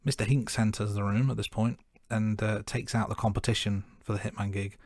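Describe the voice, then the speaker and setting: A man co-hosting a podcast, recapping a film scene by scene in a relaxed, self-deprecating way. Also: lowish voice, a little fast, dry recording, clean studio sound. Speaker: podcast co-host. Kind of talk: casual film-review chat.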